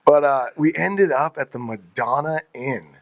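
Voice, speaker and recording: A man's voice: on the high side, measured pace, dry recording. A man hosting a podcast who tells rowdy stories in a rambling way, with lots of swearing and laughter. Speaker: podcast host. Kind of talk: casual storytelling chat.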